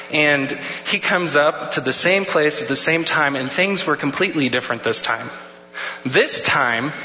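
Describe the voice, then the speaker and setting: A man's voice: on the high side, pushed and bright. A young man in his twenties giving a humorous sermon as a student speaker, telling stories with joking, casual asides. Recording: echoey hall with faint hum.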